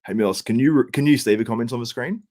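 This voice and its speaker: A man's voice: mid-range voice, darkish tone. A man hosting a podcast in casual, upbeat, chatty talk. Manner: upbeat, chatty, quick to laugh along. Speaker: podcast host and analyst.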